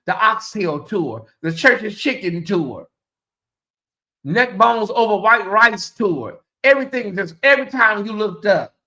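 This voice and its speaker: A man hosting a casual livestream, sassy and animated, often mimicking voices. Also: high voice. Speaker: host.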